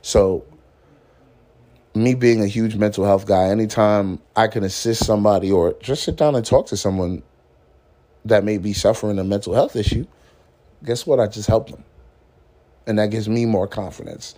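Speaking at a moderate pace with frequent pauses, a man with a fairly low, mellow voice hosts a casual motivational podcast. He's laid-back and slangy, saying "man" often, swearing freely and laughing at his own stories.

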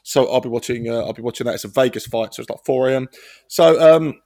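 A man's voice: mid-range voice, fast talker, creaky, dark tone. A man in casual podcast chat, rambling, swearing and laughing as he talks about films and stand-up. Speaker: podcast co-host and stand-up comic.

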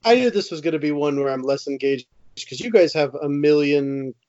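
Male co-host, higher register, teasing and jokey, dull dry home recording. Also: expressive, a little mellow, no room sound. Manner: teasing, quick to jab and laugh. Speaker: podcast co-host. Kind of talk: casual chat.

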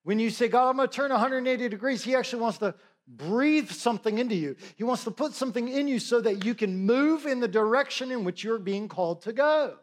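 A man's voice: very high-pitched, lively intonation, fairly quick. A middle-aged male preacher giving a conversational sermon, with joking asides and frequent check-ins with his listeners.

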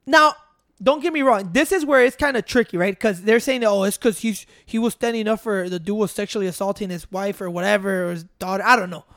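A man's voice: high-pitched, brisk, a bit bright, dry recording, studio quality. A man telling a story in casual chat, rambling and swearing with street slang.

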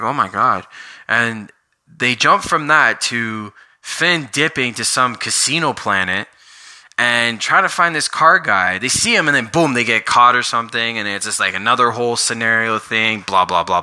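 A man's voice: mid-range voice, sharp tone. A man ranting casually about a movie in a rambling, exasperated way, full of fillers. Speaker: vlogger reviewing a movie. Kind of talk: casual rant.

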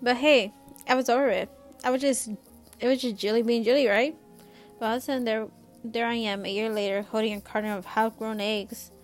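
A woman's voice: fairly high pitch, fairly even intonation, fairly quick, soft background music. Woman reading a novel aloud casually. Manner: chatty, laughs and adds asides. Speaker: reader of a novel.

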